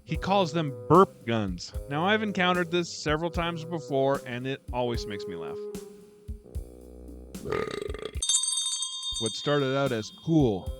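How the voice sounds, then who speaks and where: A man's voice: on the high side, animated, takes it slowly, pauses often, music in the background. A man hosting his own book review channel, delivering a scripted, wry and mocking critique.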